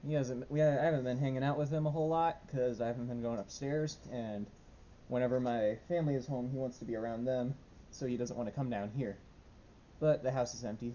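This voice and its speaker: A man's voice: mid-range voice, steady tone, fairly quick, dark tone, highs cut off, a little hiss or hum. A young man talking casually in a diary vlog at home, rambling and self-deprecating with many fillers. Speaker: vlogger. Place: home room.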